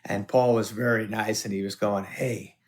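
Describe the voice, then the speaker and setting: A man's voice: on the low side, moderate pace. A man as a podcast guest, telling stories in casual chat, swearing freely and acting out the voices of people in his anecdotes. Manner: animated, swears often, acts out voices in anecdotes.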